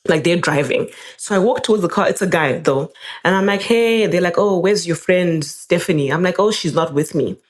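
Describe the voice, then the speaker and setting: A young woman, a podcast guest telling a personal story in a casual, animated way, her voice jumping up whenever she quotes someone. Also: fairly quick. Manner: animated, jumps up in pitch when quoting people.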